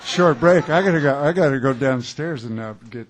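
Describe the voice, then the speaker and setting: A man, chatting between songs at a small club show, rambling and halting with many pauses and wry chuckles. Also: mid-range voice. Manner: wry, chuckling joke-teller. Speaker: singer-songwriter performing live. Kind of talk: onstage banter between songs. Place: small live music club.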